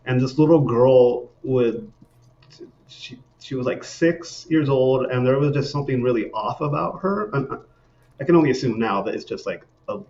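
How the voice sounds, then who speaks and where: Male podcast guest, mid-pitched, rambling storyteller, dull lo-fi sound. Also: darkish tone. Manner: rambling, laid-back, frequent fillers. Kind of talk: casual storytelling.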